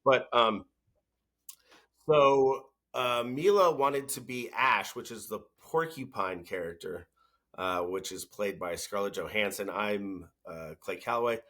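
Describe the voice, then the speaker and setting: A man in his thirties with a low, bright, forceful voice chats casually on a podcast. He jokes around and rambles, and his voice sinks to a quiet mumble at the ends of thoughts. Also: unhurried. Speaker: podcast co-host. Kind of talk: casual chat.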